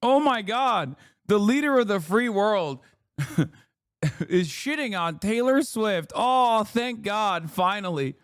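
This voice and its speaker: A man's voice: high voice, expressive, takes it slowly, fairly bright tone, clean tone, no echo, studio quality. A male streamer giving sarcastic, profane commentary in a casual live-stream style.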